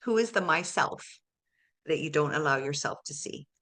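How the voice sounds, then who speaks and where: A woman's voice: deep voice, lively intonation, normal speed, a bit bright. A woman life coach guiding a private session with direct, probing questions.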